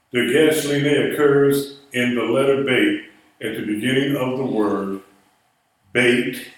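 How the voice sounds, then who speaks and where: Man teaching slow n patient, sounds far from the mic in a big echoey room. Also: mid-range voice. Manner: patient, spells words out slowly. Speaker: Hebrew teacher. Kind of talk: classroom lesson.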